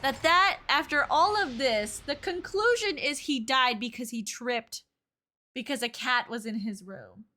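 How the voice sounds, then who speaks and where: A woman's voice: sits high, measured pace, sharp tone. A woman streaming a game, exclaiming and venting indignantly as she plays and reads lines aloud. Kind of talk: reactive let's-play commentary. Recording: game music behind.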